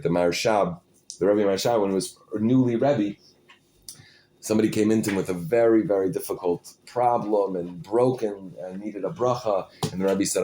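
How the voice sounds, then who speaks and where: A man teaching an informal Torah class, halting and restarting his phrases, peppering his English with Hebrew and Yiddish terms. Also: fairly low pitch, mellow.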